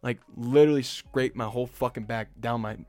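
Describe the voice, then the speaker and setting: A man's voice: medium pitch, steady tone, brisk, darkish tone, no echo. A young man telling rambling, profane stories in casual chat, speaking right up close to the microphone. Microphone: close to the mic.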